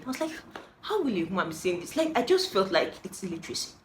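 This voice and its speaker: A woman's voice: medium pitch, fast. Exasperated woman telling a story. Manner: animated, exasperated, laughs between lines. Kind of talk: casual storytime monologue. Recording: roomy echo with faint noise.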